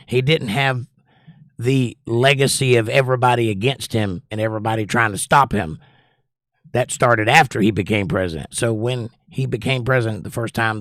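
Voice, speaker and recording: A slightly bright, medium-pitched male voice comes through in a dry, studio-quality recording. The man is hosting a relaxed livestream, chatting, rambling and reading the chat aloud.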